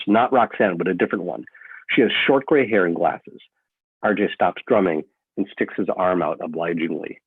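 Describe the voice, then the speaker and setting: A man reading a first-person novel aloud in an expressive storytelling manner, over a lo-fi phone-like line. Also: low voice, breathy edge, dry recording. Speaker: author reading his own novel.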